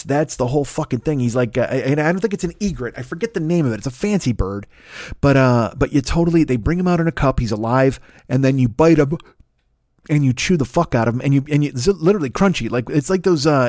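A man's voice: medium pitch, a little mellow, no room sound, clean studio sound. A man hosting a podcast, delivering a rambling, profane comedic monologue full of restarts and stammers. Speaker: podcast host.

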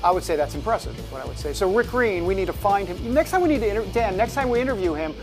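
A man's voice: high-pitched, expressive, fast. Guy hosting a talk show, goofy and rambling, pokes fun at himself, bit of music faint behind him. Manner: playful, rambling, self-mocking.

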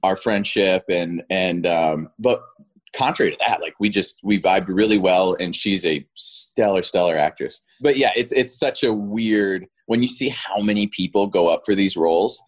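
Laughing, chatty man with a low voice. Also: normal speed. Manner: chatty, laughs often, many restarts. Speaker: actor guest. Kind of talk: casual interview chat.

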